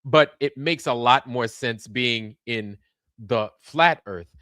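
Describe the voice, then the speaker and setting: A man's voice: mid-range voice, slow pace, bright, forceful tone, dry recording, clean studio sound. A man hosting a casual livestream, rambling and repeating words while checking in with viewers. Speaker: livestream host.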